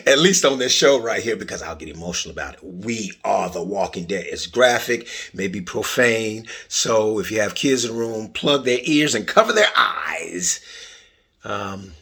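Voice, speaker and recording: A middle-aged man hosting a casual solo podcast, telling stories with loud bursts and quiet asides. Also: on the low side, normal speed, vocal fry, slightly rough. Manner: animated storytelling, swings between loud bursts and quiet asides. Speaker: podcast host.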